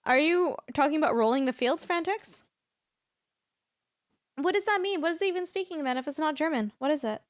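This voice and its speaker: A woman's voice: high voice, lively intonation, a little fast, long pauses, no room sound. Playful woman streamer, dry close sound. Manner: playful, chatty, teasing the chat. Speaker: game streamer. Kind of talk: casual live-stream chat while gaming.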